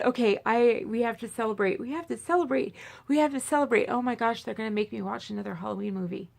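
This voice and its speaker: A woman talks casually to her camera about movies with a fairly high voice. She rambles, circles back and restarts her sentences, then breaks into high, giddy squeals of excitement. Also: fast talker, vocal fry. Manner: rambling, full of fillers and restarts. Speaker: movie vlogger.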